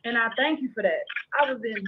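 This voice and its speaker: A woman's voice: on the high side, fast. A woman who is a mother, speaking over a phone or video call as a guest, sounding grateful and emotional. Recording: lo-fi call with clear hiss.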